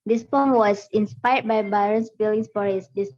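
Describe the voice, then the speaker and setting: A woman's voice: medium pitch, steady tone, normal speed, a little mellow. A young woman student whose first language is Indonesian, reading a class presentation steadily from notes. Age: young adult. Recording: dull lo-fi recording.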